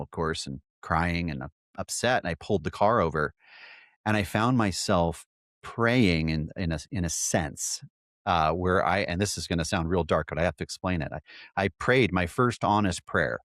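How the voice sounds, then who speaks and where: A man with a very low voice tells a long personal story, stopping and restarting mid-sentence. The sound is dry and close, with no room around it. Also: a bit bright, no room sound. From California. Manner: halting, repeats words as he tells a story. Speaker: podcast host.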